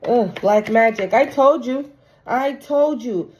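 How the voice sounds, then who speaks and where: In a slightly high, darkish voice, this tarot reader speaks slowly and in a drawn-out way as she does a casual reading for her viewers, emphatic and swearing freely.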